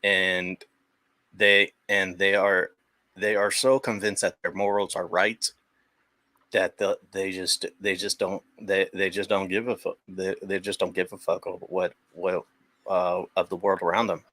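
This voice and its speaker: A man's voice: deep voice, level tone, measured pace, bright, forceful tone, no echo. A young man chatting casually as a guest on a stream, rambling with many restarts and the odd swear. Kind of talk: casual chat.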